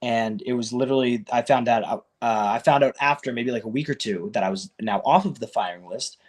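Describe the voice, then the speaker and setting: A man, a professional wrestler, telling his career story in a casual, animated way and acting out what others said. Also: a little fast. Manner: animated, acts out quoted people with raised pitch; loose and conversational, many fillers like "like" and "you know".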